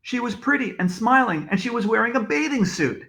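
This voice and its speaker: A man, an author, reading his own storybook aloud to children in a lively, expressive manner. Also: extremely high pitch, a little fast. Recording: echoey room.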